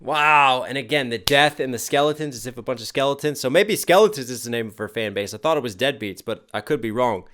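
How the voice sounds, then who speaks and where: A man's voice: mid-range voice, fast talker, few pauses, fairly bright tone, faint music behind. A young adult man, a rapper, giving an enthusiastic casual reaction and picking apart lyrics line by line. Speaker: rapper reacting to a music track.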